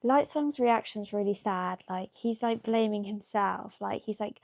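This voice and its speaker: A woman vlogging her reactions to a novel, chatty and excitable, gasping and exclaiming, full of "like" and "what the hell". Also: medium pitch, a little slow, creaky, dry recording, clean studio sound. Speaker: book vlogger. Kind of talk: casual reading-reaction vlog.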